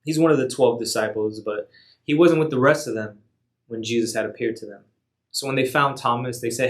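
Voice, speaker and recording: A man telling a Bible story for a youth ministry in a relaxed, slangy way. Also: medium pitch, fairly quick. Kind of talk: casual Bible story retelling.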